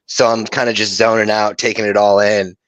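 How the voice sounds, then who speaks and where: Low-voiced man, blunt and swearing. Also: little pitch movement, a little fast, dry recording, muffled recording. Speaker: podcast co-host. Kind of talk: casual podcast chat.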